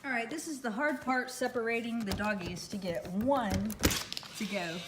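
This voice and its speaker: A woman's voice: on the high side, moderate pace. A woman in her thirties, a fitness vlogger, talking casually and rambling with many fillers. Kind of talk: casual vlog talk. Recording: audible background noise.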